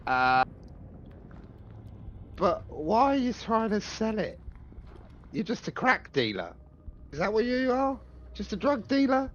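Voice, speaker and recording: A man's voice: medium pitch, moderate pace, a bit bright, muffled recording, slight background noise, voice pushed up, lightly acted. A man playing a cocky, angry male gnome who mocks his enemy. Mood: mocking. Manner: mocking, sarcastic.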